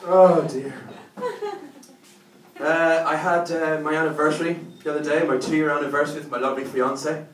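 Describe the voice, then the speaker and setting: A man's voice: fairly high pitch, level tone, fast, few pauses, distant mic. A man with a Northern Irish accent doing a brash, sweary stand-up comedy set. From Northern Ireland. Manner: brash, sweary storytelling, acts out characters. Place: comedy club stage. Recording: echoey club recorded from afar, loud crowd noise.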